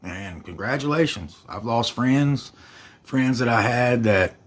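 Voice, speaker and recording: A man's voice: medium pitch, animated, slow pace. A man on a livestream defending himself in an aggrieved, self-justifying way. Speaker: livestreamer being reviewed.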